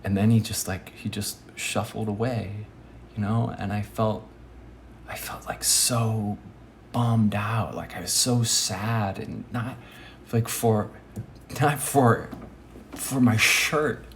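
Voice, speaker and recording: A man's voice: on the low side, steady tone, slow pace, gravelly, a little hiss or hum. A man giving a rambling casual monologue, hesitant with many fillers, often dropping to a near-whisper. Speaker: vlogger.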